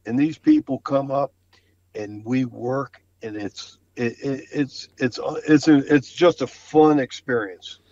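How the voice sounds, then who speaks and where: A man's voice: mid-range voice, a little slow, a little mellow, highs cut off. A man talking about his flooring work on a podcast, enthusiastic and full of stammered restarts. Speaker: flooring contractor guest. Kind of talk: casual podcast conversation.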